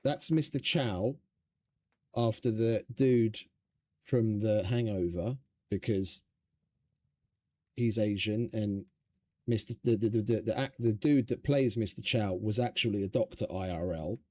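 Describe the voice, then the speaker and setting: A man's voice: fairly low pitch, a little slow, long pauses, a little mellow. A man streaming a survival game, chatting casually in a rambling, profane, stop-start way. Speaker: gaming streamer. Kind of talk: casual gameplay commentary.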